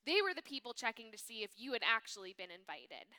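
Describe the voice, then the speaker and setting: Woman, youth ministry speaker, sermon reading, bright forceful tone, slightly high voice, hushed whispered asides. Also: big pitch swings, fast talker.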